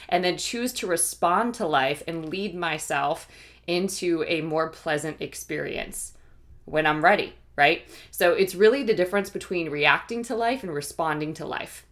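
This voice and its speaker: Earnest woman teaching, low-pitched voice. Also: fairly bright tone. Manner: checks in with listeners with a frequent "okay?" and "right?"; earnest, explanatory, occasional restarts. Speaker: Christian teacher and life coach. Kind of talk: faith-based teaching talk.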